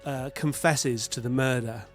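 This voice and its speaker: A man's voice: medium pitch, fairly even intonation, measured pace, soft background music. A man co-hosting a casual film review podcast, joking dryly and restarting his sentences. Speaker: podcast co-host.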